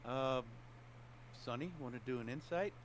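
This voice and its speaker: A man narrating a tabletop roleplaying game as game master, calm and matter-of-fact. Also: mid-range voice, moderate pace, very noisy.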